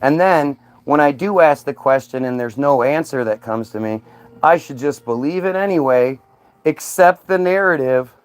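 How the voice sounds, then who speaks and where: A man sneers and argues his way through viewer comments in a sarcastic livestream rant. His voice is fairly high with a clean tone and normal speed, captured in a dry recording.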